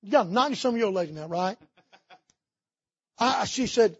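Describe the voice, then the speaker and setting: A man preaches from the pulpit, spinning folksy stories. His voice sits high and a bit husky. The sound is dry and dull, with a muffled, lo-fi edge. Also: brisk, no room sound. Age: 50s. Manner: folksy storytelling with Southern idioms. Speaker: pastor. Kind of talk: sermon. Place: church sanctuary.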